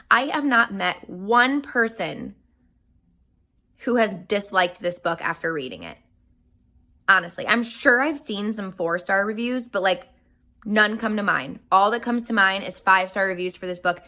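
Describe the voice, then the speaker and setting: A woman's voice: medium pitch, animated, unhurried, pushed and bright. A young woman giving an enthusiastic, gushing book review in a casual chat, a little out of breath.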